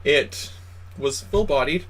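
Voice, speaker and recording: Brief: hammy male co-host, slightly high, bright and tense tone, faint noise behind. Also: slow pace, slightly rough. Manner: upbeat, playful, hammy. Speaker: co-host of a beer review show. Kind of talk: casual chat.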